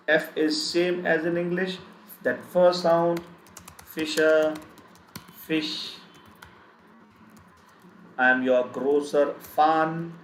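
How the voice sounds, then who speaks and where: Guy teaching german sounds really slowly, repeats every word, kinda high voice, echoey room w/ faint typing. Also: a bit bright, a little hiss or hum. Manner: slow, repeats each sound several times. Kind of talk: live online language lesson.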